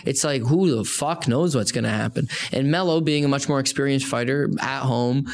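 A man who has fought professionally, talking fights and betting picks in casual podcast banter, profane and rambling with animated storytelling. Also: medium pitch, moderate pace. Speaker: MMA analyst and fighter.

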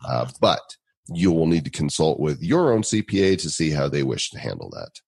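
A man's voice: extremely low pitch, very animated, moderate pace, vocal fry, a little mellow, slightly rough, no room sound. A man co-hosting a casual podcast, joking and self-deprecating as he talks. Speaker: podcast co-host.

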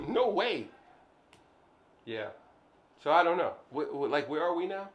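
A man co-hosting a podcast in casual chat, an animated storyteller who acts out little scenes. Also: fairly high pitch, measured pace, lo-fi sound. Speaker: podcast co-host.

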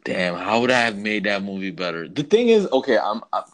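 A man's voice: lowish voice, big pitch swings, a little fast, a bit bright. A man in casual chat about films, talking in a laid-back, rambling, slangy way.

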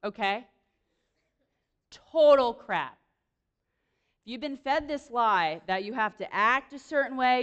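A young woman speaking to a room, giving a lively, chatty sermon full of quick self-deprecating asides. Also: medium pitch, dull audio. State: pregnant. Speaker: speaker at a church or campus gathering. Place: room with an audience.

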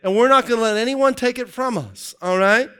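A man preaching a sermon to his congregation in an energetic, joking way that keeps calling out to the crowd. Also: very high voice, brisk, clean tone. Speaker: pastor.

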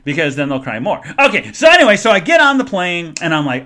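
A man hosting a live podcast, telling a story in an animated way, speaking straight to his listeners and answering chat comments. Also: high voice, fast, few pauses. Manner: animated, addresses the audience directly. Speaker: podcast host.

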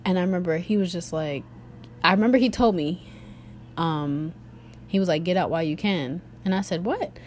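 A young woman tells a personal story casually to her viewers. She is animated, full of fillers, and drops into a lower voice when she quotes others. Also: moderate pace, a little hiss or hum.

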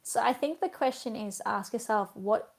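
A woman's voice: fairly high pitch, animated, moderate pace, gravelly. A woman with an Australian accent, a physiotherapist guest in casual podcast chat, telling stories chattily and laughing as she goes.

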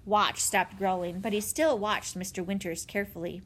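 A woman narrating a children's chapter book in an expressive storytelling manner. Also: mid-range voice, normal speed. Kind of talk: audiobook narration.

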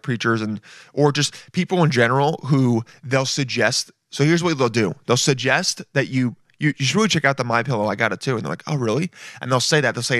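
A man's voice: mid-range voice, a bit bright, dry recording, studio quality. A young man hosting a casual comedy podcast, crude and mocking, often slipping into silly voices. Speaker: podcast host.

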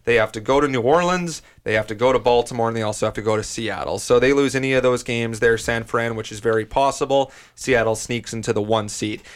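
A man hosting a casual sports debate, pushing back on his co-hosts and walking them through the standings one game at a time. He speaks at an ordinary pitch. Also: fast talker, hardly any pauses. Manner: argumentative, lays out standings step by step. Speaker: sports podcast host.

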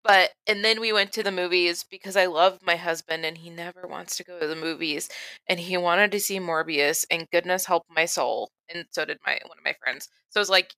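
A woman's voice: on the low side, steady tone, fairly quick, sharp tone, no room sound. A woman co-hosting a podcast, chatting casually with hesitant fillers. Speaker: podcast co-host.

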